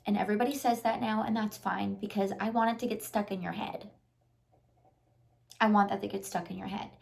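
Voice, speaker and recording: A lifestyle vlogger and life coach talks to the camera in a casual, earnest motivational style, repeating her encouragements with plenty of "like" fillers. Her medium-pitched voice is steady, creaky, and fairly quick.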